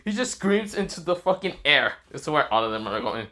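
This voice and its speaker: Rambling bright-voiced male storyteller. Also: on the high side, very animated, brisk. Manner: rambling, many fillers and slips. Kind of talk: improvised fan-fiction narration.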